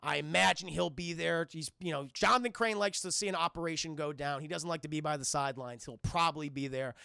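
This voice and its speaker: A man's voice: a little high, quick pace, vocal fry, bright, forceful tone, smooth, no room sound, clean studio sound. A man streaming a cartoon review, recapping scenes to his live chat in a rambling, profane, casual way with lots of restarts.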